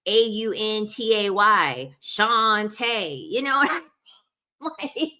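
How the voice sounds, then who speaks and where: A woman's voice: mid-range voice, big pitch swings, unhurried, sharp tone. A woman chatting casually to her viewers, emphatic and repeating herself, laughing often. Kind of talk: casual chat to camera.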